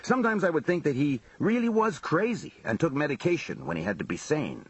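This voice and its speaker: A man's voice: fairly high pitch, very animated, a little fast, husky, no echo, full character voice. A man voicing a blunt, streetwise mob underboss who recounts his grievances in profane, conversational talk. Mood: scornful.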